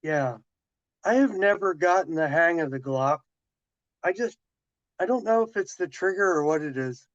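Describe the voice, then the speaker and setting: A man's voice: a little high, animated, normal speed, long pauses, dry recording. Rambling man, dull lo-fi sound. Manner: rambling, with restarts and quoted dialogue. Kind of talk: casual chat storytelling.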